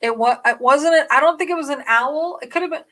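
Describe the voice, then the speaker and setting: A woman vlogger telling a story to her viewers in a rambling, excitable way, dropping to a hush and then getting loud. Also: sits high, quick pace. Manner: rambling, excitable, swings between hushed and loud. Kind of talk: casual storytelling to camera.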